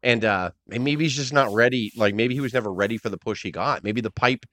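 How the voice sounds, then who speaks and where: A man hosting a casual podcast, telling rambling, profane stories and slipping into quick impressions. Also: mid-range voice, a bit bright. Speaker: podcast host. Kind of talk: casual wrestling talk.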